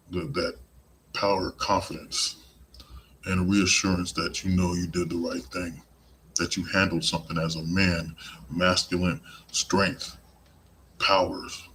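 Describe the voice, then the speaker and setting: A man's voice: deep voice, a bit bright, a little hiss or hum, poor audio. A man hosting a live-streamed podcast, delivering an emphatic, profane monologue. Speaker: podcast host.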